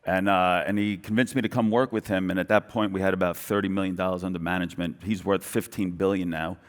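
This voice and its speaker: This is a middle-aged man from New York with a thick Brooklyn accent, speaking at a brisk, rushing clip in a fairly low voice. He tells his story in an animated way, acts out little bits of dialogue and keeps restarting his sentences. The sound carries the long echo of a large conference hall. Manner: animated, quoting others in dialogue, quick restarts. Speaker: guest entrepreneur. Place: large event hall stage.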